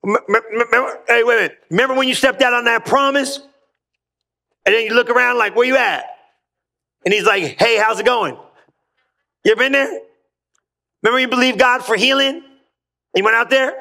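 A pastor with a high, bright voice preaches in a loose, conversational way. He mixes street slang and quick asides to his listeners into a lively sermon.

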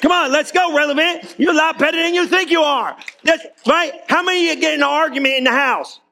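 A pastor with a very high, gravelly, bright and forceful voice preaches quickly in church, treating the congregation like friends and pressing them for claps and amens again and again. Slight background noise is audible.

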